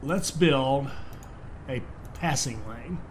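A man's voice: mid-range voice, extremely slow. Guy narrating his strategy game, rambly, um and uh a lot, bit of hiss behind. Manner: rambling, thinks aloud with fillers and restarts. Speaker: game commentator. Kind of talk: casual let's-play commentary.

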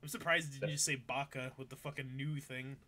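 A man's voice: medium pitch, steady tone, brisk, bright, forceful tone. A man casually riffing over an anime with a friend, sarcastic and swearing, reading lines aloud in silly voices.

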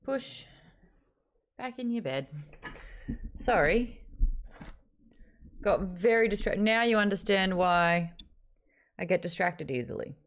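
A woman's voice: medium pitch, animated, takes it slowly, pauses often. A woman hosting a live book club stream, chatting casually, teasing and laughing often. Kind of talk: casual chat.

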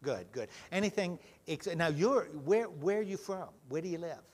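Guy asking kids questions in church, lively bouncy voice, kinda high. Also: normal speed. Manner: gentle, questioning, folksy. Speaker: pastor leading a children's message. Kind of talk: friendly talk with children in church. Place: church sanctuary.

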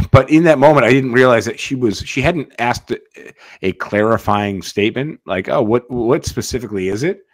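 A man's voice: mid-range voice, normal speed, dry recording. A man hosting a podcast in casual chat, rambling and swearing, restarting his words often. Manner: rambling, profane, repeats words when starting. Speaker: podcast host.

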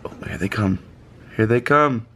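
A man's voice: on the low side, moderate pace, a bit bright, a little hiss or hum. A man hosting a casual family vlog, chatting playfully with his kids and the viewers. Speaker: vlog host, father. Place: outdoors on a home porch.

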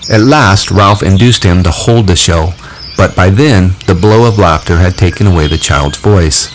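A man narrating a novel aloud in a measured, expressive reading. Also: sits low, slight background noise, rough recording. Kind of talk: audiobook reading.

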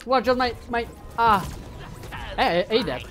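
A man commentating his own gameplay who swears often, taunts his opponents and bursts into yelling. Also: very high-pitched, animated, measured pace, soft background music. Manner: bursts into loud yelling when winning or losing. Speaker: gaming YouTuber.

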